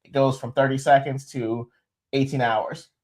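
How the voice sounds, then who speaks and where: A man's voice: mid-range voice, fairly even intonation, moderate pace. A young man, rambling and joking as he tells a story on a livestream. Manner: rambling, joking, with many restarts and laughs. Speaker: co-host, expectant father. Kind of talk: casual storytelling chat. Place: home livestream.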